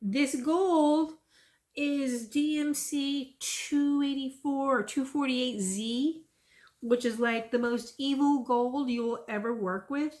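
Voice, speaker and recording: A woman's voice: high voice, slow pace. A middle-aged woman, chatting casually about her cross stitch and telling rambling stories. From Texas. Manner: chatty, rambling, lively when retelling stories. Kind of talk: casual chat and storytelling.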